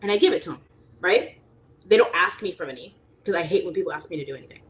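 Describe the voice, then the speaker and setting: Woman, young adult, low-pitched voice, casual livestream chat, rambling, chatty, lots of fillers. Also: animated, quick pace. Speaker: livestream host reading chat.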